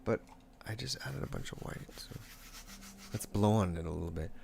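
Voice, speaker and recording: A man's voice: lowish voice, animated, moderate pace, creaky, background noise. A young man rambling casually while painting on a live stream, laid-back, swearing often and laughing a lot.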